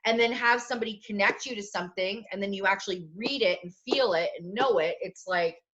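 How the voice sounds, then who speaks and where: A woman co-hosting a podcast, chatting casually and telling animated stories about her life. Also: medium pitch, fairly quick, muffled recording. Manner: chatty, animated storytelling with acted quotes. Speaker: podcast co-host. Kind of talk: casual chat.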